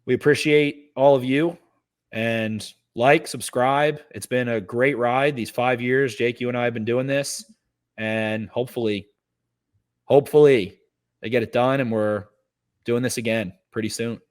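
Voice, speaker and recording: A man's voice: mid-range voice, fairly even intonation, measured pace, clean tone. A man co-hosting a casual sports podcast, giving a fired-up, cursing pep talk. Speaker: podcast co-host.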